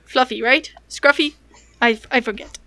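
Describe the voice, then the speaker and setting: A woman's voice: fairly high pitch, moderate pace, bright, forceful tone. A woman playing a tabletop game, talking in a rambling, self-correcting way. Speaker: player. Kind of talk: casual game chat.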